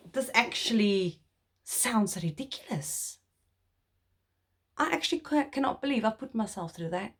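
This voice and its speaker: Young South African woman, heartfelt, slow and rambling to camera. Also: mid-range voice, lively intonation. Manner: earnest, heartfelt, rambling with restarts. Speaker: vlogger. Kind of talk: personal talk to camera.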